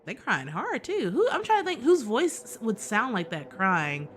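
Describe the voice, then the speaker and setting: Slangy, laughing woman with a lively voice. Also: fairly high pitch, moderate pace. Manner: slangy, swearing, laughs often, talks back to the characters. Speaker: gaming streamer. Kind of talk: casual let's-play commentary. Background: game music.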